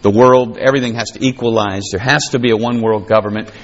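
A man's voice: on the low side, steady tone, quick pace, muffled recording. A man preaching a sermon in a folksy, conversational way that builds to fervent emphasis. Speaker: pastor.

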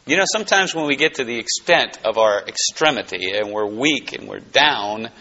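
A pastor teaching verse by verse from the Bible, going from emphatic to hushed. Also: male voice, medium pitch. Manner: animated, swings from emphatic to hushed. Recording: dull lo-fi recording.

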